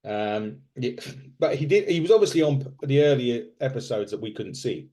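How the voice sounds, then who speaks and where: A man's voice: medium pitch, lively intonation, normal speed, dark tone. A man co-hosting a podcast in casual chat, rambling with lots of fillers and restarts. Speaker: podcast co-host. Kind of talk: casual chat recapping wrestling.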